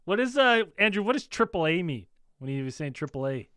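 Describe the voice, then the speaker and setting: Casual male host, crisp bright tone, dry booth sound, lots of ums. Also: high-pitched, big pitch swings, a little fast, no room sound. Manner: laid-back, filler-heavy, reading chat. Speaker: podcast host. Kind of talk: casual chat.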